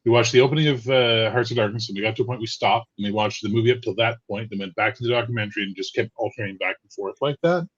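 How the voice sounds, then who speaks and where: A man's voice: fairly low pitch, very fast, hardly any pauses. A man talking casually as a guest, loose and profane, often restarting his sentences. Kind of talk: casual chat. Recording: dull lo-fi mic.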